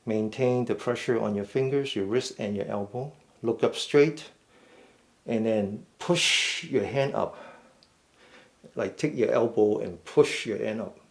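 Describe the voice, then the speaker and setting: A man leading a mindful fitness class, giving slow, step-by-step stretching cues and often checking in with "okay?". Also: on the low side. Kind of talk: guided stretching instruction.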